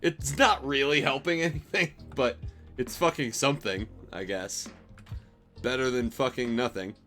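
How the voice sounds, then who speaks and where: A man's voice: medium pitch, a little slow, pushed and bright, soft background music. A young man telling a rambling, profanity-laced story about a bad job, exasperated and wry. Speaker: streamer telling stories. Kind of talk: casual storytelling.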